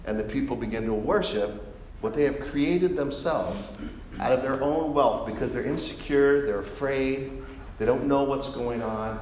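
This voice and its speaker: A man's voice: mid-range voice, moderate pace, slight background noise. A man preaching a sermon, calling for amens and building to fervent, pleading passages. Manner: preaching with rising intensity, calls for amens. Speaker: pastor. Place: large church hall. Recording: echoey hall with long reverb.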